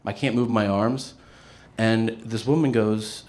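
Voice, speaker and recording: A male stand-up comedian telling a story on stage, animated and profane, jumping high in pitch for quoted voices. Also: a little slow.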